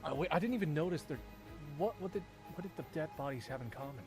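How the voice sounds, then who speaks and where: A man casually commenting while he plays, rambling, cursing and thinking out loud. His pitch jumps around a lot. Faint game music plays underneath. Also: expressive, fast. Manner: swears, rambles, thinks aloud. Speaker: voice actor playing a game on stream. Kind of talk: casual let's-play commentary.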